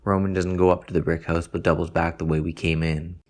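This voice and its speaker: A man reads a first-person story in a dry, deadpan way, unbothered even by crude details. His voice sits very low and keeps a flat, level line. The delivery stays unhurried and even. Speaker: narrator. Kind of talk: first-person literary narration.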